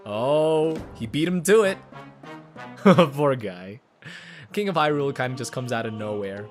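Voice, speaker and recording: A man casually commenting over a video game playthrough, chatty and joking with quick asides. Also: mid-range voice, animated, faint music behind. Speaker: gaming YouTuber. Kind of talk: let's play commentary.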